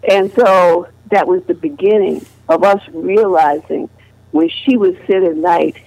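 A woman's voice: fairly low pitch, unhurried, gravelly, a little mellow, no echo, rough recording. An older woman earnestly recounting a family memory in conversation, restarting phrases as she goes. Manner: earnest, retelling dialogue with frequent restarts. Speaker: guest. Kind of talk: personal storytelling in conversation.

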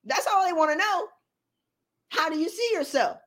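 A woman's voice: very high-pitched, moderate pace. A woman giving a motivational talk, preachy and joking, acting out little scenes of dialogue as she speaks. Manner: animated, preachy, jokes and acts out dialogue. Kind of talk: motivational talk with acted-out asides. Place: streamed live talk.

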